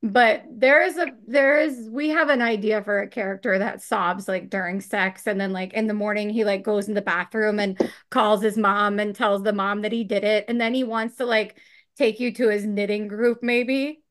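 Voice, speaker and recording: A woman's voice: mid-range voice, fairly even intonation, moderate pace. A woman podcast co-host, a mother of teens, chatting casually, swearing freely and laughing often. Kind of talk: casual chat.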